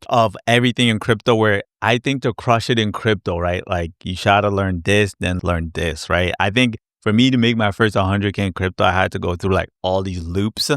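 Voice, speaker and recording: A man hosting a casual live Q&A stream, chatty and animated, acting out his past reactions with little sound effects. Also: on the low side, smooth, no room sound, studio quality. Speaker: crypto educator hosting a live Q&A. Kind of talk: casual livestream chat.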